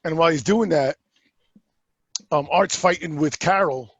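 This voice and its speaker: A man co-hosting a movie podcast in casual chat, animated, acting out scenes in voices and swearing casually. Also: on the high side, unhurried, no room sound, muffled recording. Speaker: podcast host.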